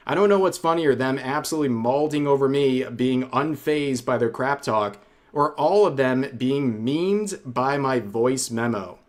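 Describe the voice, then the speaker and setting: A man narrating a scripted commentary video in a measured, wry tone. His voice sits at a middle pitch and the delivery stays even and composed. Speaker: youtube commentator.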